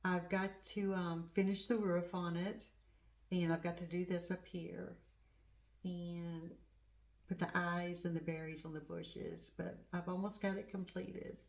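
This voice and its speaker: A woman's voice: fairly low pitch, little pitch movement, measured pace, gravelly. A middle-aged woman hosting a craft channel, chatting casually and rambling as she gushes over her stitching projects. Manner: chatty and rambling, gushing over small things. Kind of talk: casual show-and-tell chat.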